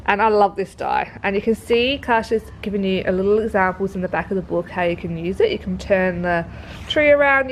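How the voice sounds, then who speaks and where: Australian woman, sick, gushing craft-kit walkthrough, mid-pitched voice, faint background noise. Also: poor audio. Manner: chatty, gushing, lots of fillers. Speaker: craft shop presenter. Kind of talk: casual product walkthrough. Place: work premises.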